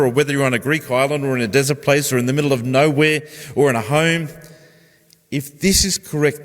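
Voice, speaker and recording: A man's voice: medium pitch, fairly bright tone. A man, a pastor preaching a conversational sermon and putting questions to his congregation. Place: church. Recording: long church reverb.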